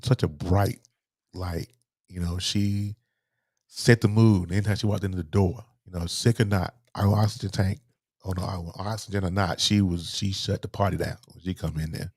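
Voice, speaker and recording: A man, a guest telling a painful personal story in a halting way, repeating words, his voice sinking low and soft. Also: steady tone, slightly rough, dry recording, studio quality. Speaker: interview guest.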